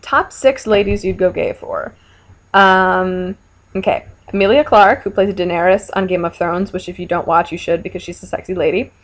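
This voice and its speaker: A woman's voice: fairly low pitch, steady tone, normal speed. A young woman vlogger answering viewer questions in a casual, frank and playful chat, with lots of fillers. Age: young adult.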